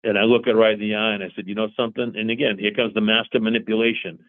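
Guest, man in his 40s, low voice, earnest confessional storyteller, dull lo-fi line. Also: level tone, very fast. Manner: earnest, repeats himself, acts out both sides of dialogue. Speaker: interview guest.

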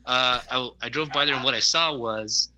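A man's voice: mid-range voice, normal speed, noisy background. A man co-hosting a casual podcast chat, telling stories with rambling restarts. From Arizona, USA.

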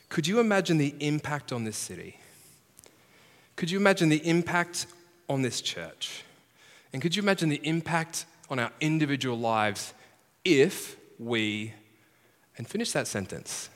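A man's voice: medium pitch, fairly bright tone. A man preaching a conversational, self-deprecating sermon as pastor, acting out the voices he quotes. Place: large heritage church hall. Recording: long hall reverb.

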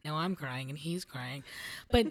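A woman in a relaxed conversation, reflectively telling a personal story and laughing easily. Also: sits low, measured pace. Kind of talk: conversational podcast chat.

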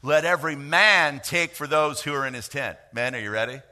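A middle-aged man preaching a sermon, lively and joking, with quick asides to the congregation. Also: fairly high pitch. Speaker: pastor.

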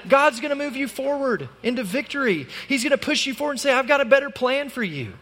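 A man preaching a sermon as pastor, conversational and animated, with sudden loud peaks. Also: very high voice, fast talker, in a large hall.

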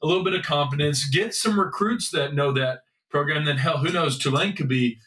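A man's voice: on the high side, fairly quick, a bit bright. A man co-hosting a podcast in casual sports chat, loose and rambling, now and then swearing. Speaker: podcast co-host. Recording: echoey room, mic at a distance.

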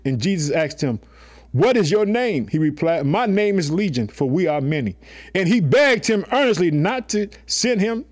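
Pitched on the high side, this man delivers a sermon in a casual, forceful style. He addresses the listeners as family and leans often on phrases like "guess what" and "let me tell you something."

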